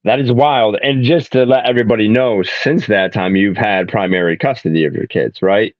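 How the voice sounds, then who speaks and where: A low-voiced man hosts a podcast in easygoing chat, blunt and quick to swear. His sound is dry and slightly dull, like a modest lo-fi mic. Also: no room sound. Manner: blunt, profane, laughs a lot. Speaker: podcast host. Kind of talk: casual interview chat.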